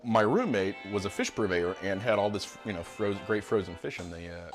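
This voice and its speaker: Male guest, quick low voice, animated storyteller, faint music underneath. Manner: animated anecdote, acting out quotes. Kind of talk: casual storytelling.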